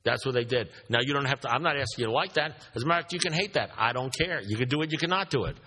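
Man, blunt preachy recovery talk, fast, bright forceful voice. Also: mid-range voice, expressive, husky, in a large hall. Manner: blunt, repetitive, preachy, swearing. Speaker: AA speaker.

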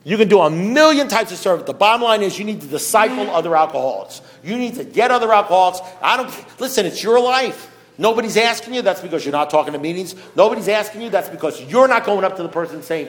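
A middle-aged man giving a blunt, preachy talk at a recovery meeting, swinging from loud urging to low, quiet passages. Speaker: AA speaker.

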